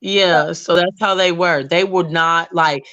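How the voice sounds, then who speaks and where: A woman's voice: fairly low pitch, measured pace, no echo, lo-fi sound. A woman telling a story in a casual video-call chat, acting out the voices of the people in it and saying "like" often. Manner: animated, acts out quoted voices, frequent "like". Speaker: panel guest.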